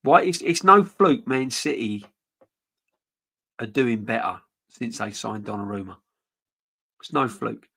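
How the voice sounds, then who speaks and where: Man, middle-aged, live-stream host, rambling and frank with restarts, mid pitch. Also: measured pace, gravelly, long pauses, sharp tone, slightly rough. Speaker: football channel host reading live chat. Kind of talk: casual live-stream chat.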